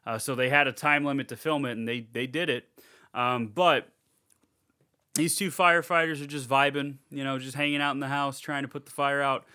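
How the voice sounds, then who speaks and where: Bright-voiced man recapping a horror movie. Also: medium pitch, brisk, clear, resonant tone. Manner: animated, swearing, acts out scenes in funny voices. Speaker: podcast co-host. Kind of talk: casual movie review chat.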